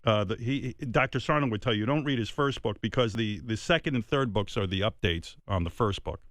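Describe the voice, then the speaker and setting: A man's voice: fairly low pitch, a little fast, fairly bright tone, no echo, clean studio sound. A man in his sixties hosting a radio talk show, speaking earnestly and heartfelt, rambling with many restarts.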